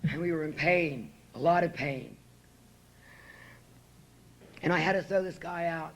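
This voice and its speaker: A woman's voice: low voice, measured pace, creaky. A woman speaking at a podium in a meeting room, telling her recovery story in a blunt, profane and emotional way. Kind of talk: personal recovery talk at a meeting.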